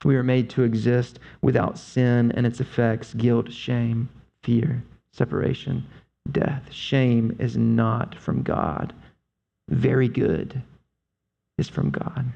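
Gravelly male preacher, conversational sermon. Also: medium pitch, steady tone, warm tone, highs cut off. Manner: conversational, emphatic, drawn-out stresses. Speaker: pastor.

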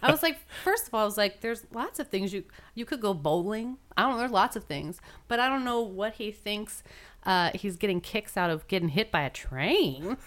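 A woman co-hosting a podcast in casual chat, animated and mocking, acting out lines with laughter. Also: mid-range voice, moderate pace. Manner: animated, mocking, acts out quotes. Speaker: podcast co-host.

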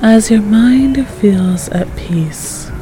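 A woman reading second-person fanfiction aloud in a soft, calm voice that sometimes drops near a whisper. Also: a little high, drawn-out words, over music. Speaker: fanfic reader.

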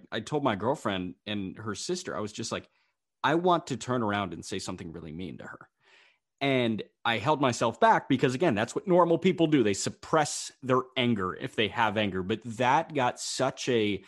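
A young man co-hosts a casual sports podcast. He tells a story with a lot of animation and slips into the voices of the people he quotes. His pitch sits in the middle of the male range. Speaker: podcast co-host. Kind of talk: casual chat.

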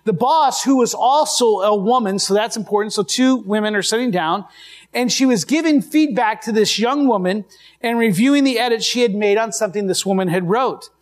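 A man with a notably high voice preaches a sermon to a congregation. He tells his story casually, stumbling and restarting phrases as he goes, picked up on a live church mic. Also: normal speed. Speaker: pastor.

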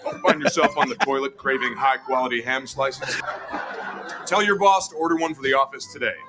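An actor playing a smug, deadpan TV spokesman in a spoof ad, speaking with a smooth, confident pitch. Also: a little fast, natural voice. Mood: deadpan salesy. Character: smug male ham-selling TV pitchman, deadpan. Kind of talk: comedy sketch ad read. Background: music under the ad.

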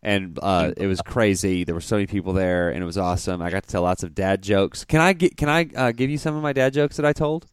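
Smooth low-voiced man telling dad jokes. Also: fast talker, hardly any pauses, no room sound. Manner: giggly, breaks into laughter mid-joke. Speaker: podcast co-host.

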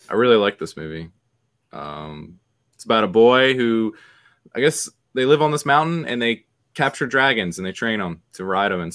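A man's voice: lowish voice, a bit bright. A man in casual movie chat, easygoing and laughing off his own mix-ups.

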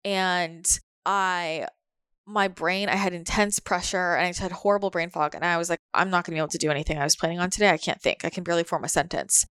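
A woman with a fairly low, steady voice talks fast in a casual podcast chat, her tone fairly bright and smooth. She's candid, swears now and then, and acts out her own inner voices. The studio-quality recording is dry, with no room sound.

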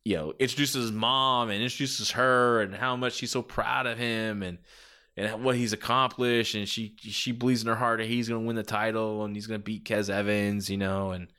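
A man's voice: on the low side, flat delivery, normal speed, pushed and bright, clean tone. A man hosting a podcast, giving a casual rambling review full of filler phrases and restarts. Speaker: podcast host.

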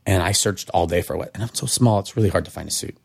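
A middle-aged man from Santa Cruz telling animated stories as a podcast guest, jumping high in pitch when he quotes people. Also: fast, creaky, slightly rough. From Santa Cruz, California. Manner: animated, acts out quotes with big pitch jumps. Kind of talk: casual storytelling.

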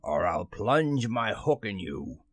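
A man reading a storybook and voicing a cocky boy who mimics a pirate captain with gruff, slow commands. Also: on the low side, very animated, no room sound, exaggerated voice.

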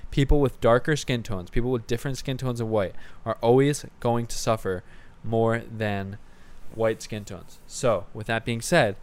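A young man co-hosting a comedy podcast, delivering sarcastic rants in a deadpan manner with occasional swearing. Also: medium pitch, moderate pace, hardly any pauses. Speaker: podcast co-host. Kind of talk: satirical comedy podcast banter.

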